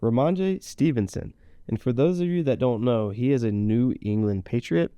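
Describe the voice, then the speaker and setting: A man co-hosting a casual podcast, rambling through his points and teasing his friend. His voice is mellow and dark, recorded dry and close. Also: medium pitch, normal speed, clear, resonant tone, no room sound. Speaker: podcast co-host. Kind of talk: casual chat. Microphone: podcast mic.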